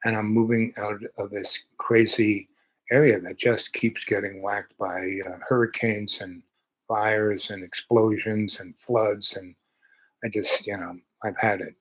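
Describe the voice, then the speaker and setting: A man's voice: on the low side, level tone, a little slow, a bit bright, poor audio. A man in his seventies telling rambling personal stories in a chatty, meandering way. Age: 70s. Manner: meandering, chatty, jumps between thoughts. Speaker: channel host.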